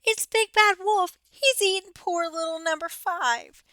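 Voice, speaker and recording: A woman voicing an excitable mother duck in a storybook, with a shrill, flustered manner. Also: a little slow, slight background noise, exaggerated voice. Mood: alarmed.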